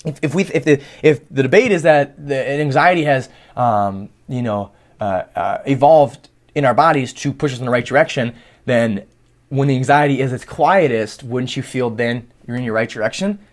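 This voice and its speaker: A man's voice: medium pitch, animated, moderate pace. A man hosting his own podcast, rambling through a casual, profane monologue. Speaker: podcast host.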